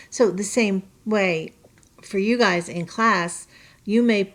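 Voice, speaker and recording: This is a woman teacher speaking to her students in a recorded online lesson. Her voice sits low and has a gravelly fry. She keeps a chatty tone, restarts sentences, draws on personal examples and keeps checking in with her listeners. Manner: chatty, checks in with tag questions.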